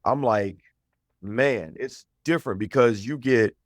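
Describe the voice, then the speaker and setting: An actor talks as a podcast guest in a mid-pitched voice. He speaks earnestly and repeats his points. The recording is dry and close. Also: measured pace, no echo. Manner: earnest, advising, repeats phrases. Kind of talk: casual interview chat.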